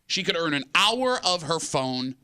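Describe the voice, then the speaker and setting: Radio guy telling a story, animated and teasing, bright voice, dry sound. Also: on the high side, unhurried, smooth, no echo. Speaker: radio co-host. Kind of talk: morning radio banter.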